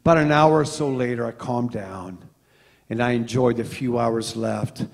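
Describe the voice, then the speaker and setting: A middle-aged man preaching a sermon as a pastor, telling stories with animated swings from loud to hushed. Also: mid-range voice, moderate pace, vocal fry, big-room sound. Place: church sanctuary.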